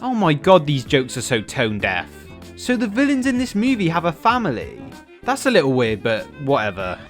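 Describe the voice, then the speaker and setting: A man's voice: fairly high pitch, huge pitch swings, moderate pace, soft background music. Sarcastic man reviewing a film. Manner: sarcastic, exasperated, profane. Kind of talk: comedic film review commentary.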